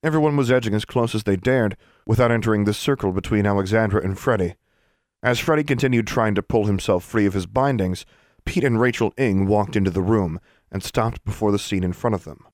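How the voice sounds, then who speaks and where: A man narrating a fantasy story in steady, scripted storytelling. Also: lowish voice, brisk, no room sound, studio quality. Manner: steady storytelling, lively intonation. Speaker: audiobook narrator.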